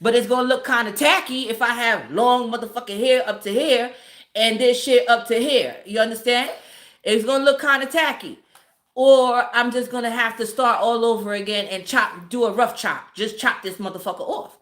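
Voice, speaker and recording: A woman's voice: fairly high pitch, moderate pace, roomy sound. A woman casually telling a story to her live viewers, swearing freely and laughing as she goes. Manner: profane, laughing, animated storytelling. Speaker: streamer.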